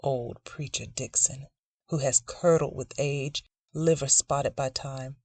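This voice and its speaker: Dry, measured dark-story narrator. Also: medium pitch, fairly even intonation, husky, no room sound. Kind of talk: dark literary short story reading.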